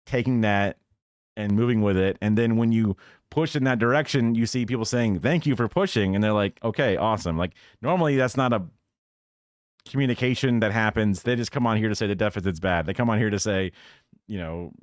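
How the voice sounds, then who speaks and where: A man's voice: on the low side, a little fast, no room sound, studio quality. A man streaming live and reacting to news clips in a casual, rambling, sarcastic way, with swearing and mocking quotes.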